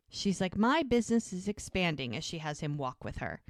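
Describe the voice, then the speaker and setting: Talking fairly quickly with few pauses in a low-leaning voice, a woman co-hosts a podcast and recaps a TV episode. She acts out characters' lines in lively voices while chatting casually, and the studio sound is dry and clean.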